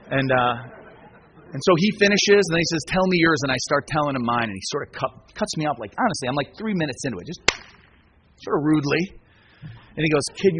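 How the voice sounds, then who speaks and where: A man's voice: mid-range voice, a bit bright, a little hiss or hum. A man speaking at a recovery gathering, telling his own story in a conversational way, repeating words and often asking "right?". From United States. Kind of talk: personal story talk. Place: speaking at a conference.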